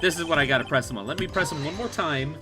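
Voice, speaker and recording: A man's voice: fairly high pitch, quick pace. Young man thinking aloud over gameplay. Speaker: let's play host. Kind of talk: gameplay commentary. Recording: game music underneath.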